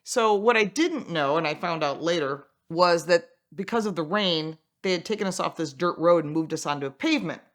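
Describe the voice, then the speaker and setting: A woman's voice: on the low side, fairly quick, hardly any pauses. A woman who is an automotive journalist and racer, telling an anecdote in a casual way and acting out the dialogue. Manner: animated, acts out quoted dialogue.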